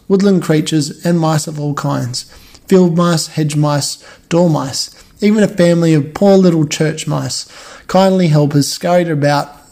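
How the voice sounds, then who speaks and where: A man reading a children's novel aloud in a steady, measured way, stumbling on a word now and then. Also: a little high. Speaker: reader.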